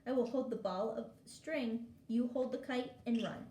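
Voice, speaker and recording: A woman voicing a cheerful, patient male frog from a storybook, reading in a steady, encouraging way. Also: on the high side, unhurried, distant mic, natural voice. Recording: echoey room with faint hiss.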